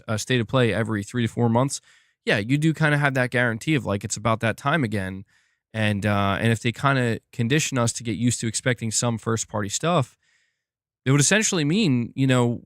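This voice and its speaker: A man's voice: on the low side, no room sound, clean studio sound. A young man streaming about gaming news, chatting casually and reading viewer comments, rambling with lots of "like" and restarting sentences. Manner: rambling, many "like" fillers and restarts.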